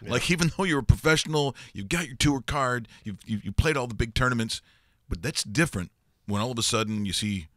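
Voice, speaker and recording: A man's voice: mid-range voice, lively intonation, brisk, few pauses, fairly bright tone, no echo, clean studio sound. A man co-hosting a sports talk show, bantering and joking casually.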